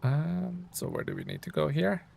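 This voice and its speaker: A man's voice: on the high side, wildly swooping pitch, normal speed, vocal fry, a little mellow, a little hiss or hum. A man streaming a truck-driving game live, giving laid-back, chatty commentary and reading viewer chat aloud.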